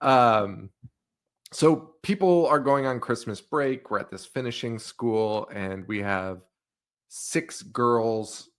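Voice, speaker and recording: A slow-speaking man with a mid-range voice co-hosts a movie podcast, recapping scenes in casual chat. He jokes, laughs often and acts out silly quotes.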